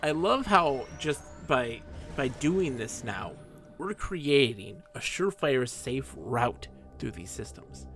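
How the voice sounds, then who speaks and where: A man streaming a game, telling a rambling personal story in a chatty, animated way. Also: mid-range voice, slow, soft background music. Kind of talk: casual storytelling while playing a game.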